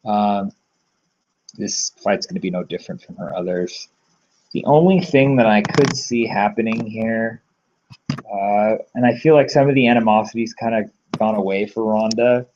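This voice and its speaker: A man's voice: on the low side, normal speed, darkish tone, lo-fi sound, slight background noise. A man giving casual solo betting commentary, rambling through lots of fillers and restarts, blunt and sometimes swearing. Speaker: MMA betting tipster.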